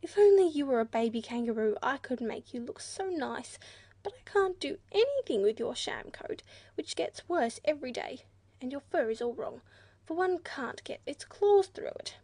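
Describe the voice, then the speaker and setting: A gentle, motherly kangaroo talks in a high, earnest voice, polite and a little anxious, as a woman reading the story gives her lines. She frets but stays kind. The voice is close and dry. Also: animated, normal speed, no echo. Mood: fond.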